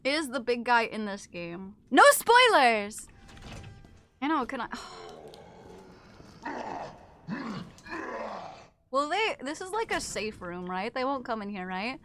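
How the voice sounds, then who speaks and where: A woman's voice: a little high, big pitch swings, slow, long pauses, a bit bright, a little hiss or hum. A young woman streaming a horror game, chatting casually with her viewers, swearing often and breaking into screams and laughs. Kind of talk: casual gameplay chat with chat.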